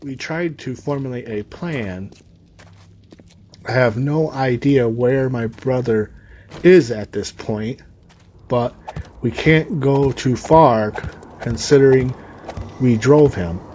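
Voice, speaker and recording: Reading a story over gameplay, this man cuts in with sarcastic, profane commentary. He speaks slowly in a mid-range, darkish voice, pausing often, with a slight hiss or hum in the background.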